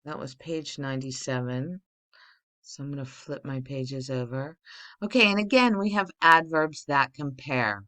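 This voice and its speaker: A woman's voice: rumbling low, unhurried, bright, forceful tone. A middle-aged woman teacher giving a recorded spelling and grammar lesson to children, explaining patiently step by step.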